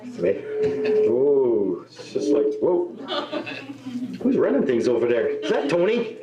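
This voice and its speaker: On stage at an indoor venue, a middle-aged comedian speaks slowly into a stand-mounted microphone, his mid-range voice swooping wildly in pitch. His self-deprecating stories come full of asides and tag questions like "eh?". The audio is muffled, with a crowd audible behind him.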